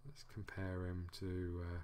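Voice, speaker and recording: A man with a fairly low voice talks through a football management game. He mutters and hesitates as he weighs choices, then reacts with sudden excited gasps during matches. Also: unhurried, slight background noise. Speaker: gamer. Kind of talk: let's play commentary.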